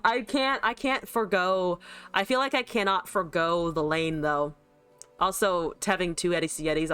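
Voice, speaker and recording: A woman with a low-ish, slightly bright voice streams a card game, giving casual gameplay commentary. She's chatty, talks to chat, swears and laughs often as she plays.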